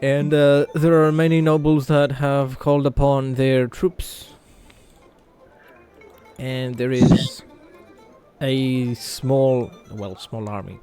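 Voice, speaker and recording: A man narrating a tabletop game as game master, in slow, measured speech with pauses. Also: mid-range voice, steady tone, dark tone, clean tone, faint music behind.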